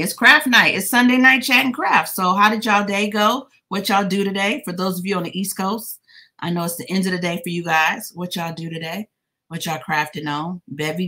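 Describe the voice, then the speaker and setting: A woman with a low yet bright, forceful voice hosts a cozy crochet livestream from home. She chats casually and greets each viewer by name with an affectionate, teasing tone. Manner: playful teasing with laughter. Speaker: livestream host.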